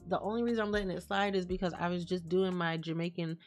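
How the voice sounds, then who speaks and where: A woman's voice: fairly low pitch, fairly even intonation, fast talker, faint music behind. A woman streaming live, chatting casually and reading out and answering messages from her chat. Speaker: livestreamer.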